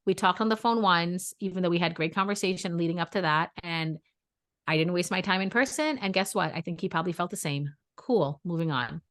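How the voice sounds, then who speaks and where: A woman, co-hosting a podcast and telling dating stories in a lively, chatty way, acting out quotes. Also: fairly low pitch, a little fast. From New York area. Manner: animated storyteller, acts out quotes. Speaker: podcast co-host. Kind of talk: casual chat.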